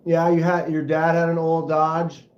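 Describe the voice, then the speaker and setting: Speaking at a measured pace in a fairly high voice, a man rambles through stories on a relaxed livestream and acts out engine noises as he goes. The home recording sounds roomy and a bit dull and muffled.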